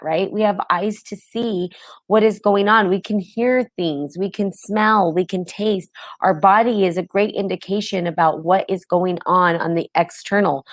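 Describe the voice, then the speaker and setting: A woman's voice: mid-range voice, no echo. A woman with a New Jersey accent hosting a live stream, talking in a heated, casual way and asking her viewers questions. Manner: impassioned, asks viewers questions, many fillers. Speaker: podcast host on a live stream.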